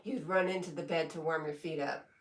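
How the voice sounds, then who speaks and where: Woman streamer, low-voiced, relaxed and giggly, echoey room, slightly off mic. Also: far from the mic. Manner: slow, relaxed, laughs often between comments. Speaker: live streamer. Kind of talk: casual live stream chat, reading comments aloud.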